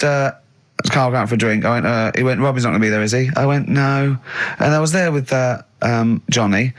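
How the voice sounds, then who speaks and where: A man hosting a comic radio chat, telling stories animatedly and laughing loudly. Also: mid-range voice. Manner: animated anecdote-telling, bursts of loud laughter. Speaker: radio show host. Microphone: studio microphone.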